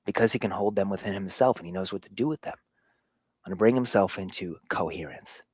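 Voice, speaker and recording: Male host, earnest fatherhood talk, lower pitch, dynamics from hushed to emphatic, dry sound. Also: brisk, slightly rough, no echo. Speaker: show host.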